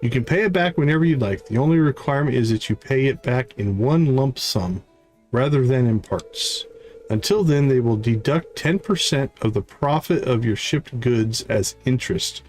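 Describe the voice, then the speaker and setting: A man reading the lines of a kindly, well-meaning old grandmother, pitching his voice a little higher. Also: expressive, normal speed, a little mellow, faint music behind, lightly acted. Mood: gracious.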